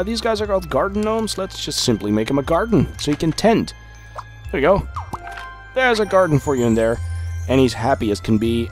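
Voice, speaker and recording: Male let's-play host, lively ups and downs in pitch, joking and rambling with plenty of "uh"s, soft music underneath. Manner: rambling and jokey, with frequent filler hesitations. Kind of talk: casual gameplay commentary.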